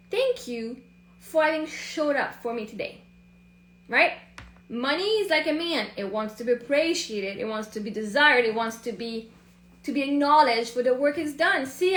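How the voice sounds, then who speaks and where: A woman with a high voice talks in a loose, rambling way, hosting a casual live chat. She often slips into acting out her own inner thoughts. The sound bounces around an echoey room. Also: a bit bright. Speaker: live stream host.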